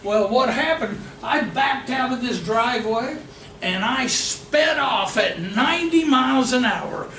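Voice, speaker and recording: A middle-aged man, a real estate investing trainer, telling a story at a seminar with animated energy and frequent laughter. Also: extremely high pitch, measured pace. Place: meeting room of an investors' association. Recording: roomy hall, distant mic, background noise.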